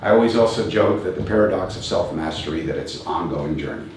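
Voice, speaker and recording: A man in his fifties with a fairly low voice, speaking as a coach to a live audience. He is reflective, poses rhetorical questions and chuckles along the way. He is heard from a distance in a very echoey room with faint background noise. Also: quick pace, a little mellow. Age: 50s. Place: event venue with a live audience.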